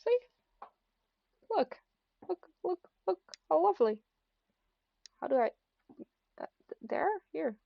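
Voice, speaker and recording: A woman's voice: high-pitched, big pitch swings, slow, gravelly, pauses often, no room sound. A young woman talks casually to the camera from her desk at home, rambling and self-deprecating, often stopping and restarting. The sound is dry and slightly dull, like a basic home setup. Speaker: vlogger. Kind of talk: casual confessional chat.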